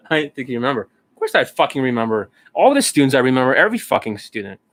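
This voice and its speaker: A man of medium pitch holds forth as a dating coach in a loose, casual monologue. He swears freely and mocks his students, slipping into higher voices to imitate them. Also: big pitch swings, quick pace, fairly bright tone. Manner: profane, mocking, acts out students in raised voices.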